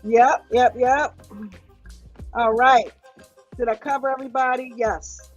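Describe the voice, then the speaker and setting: A woman's voice: high-pitched, fairly even intonation, unhurried, muffled recording, soft background music. A woman hosting a livestream, casually greeting viewers one by one in a playful, teasing, affectionate way. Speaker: host.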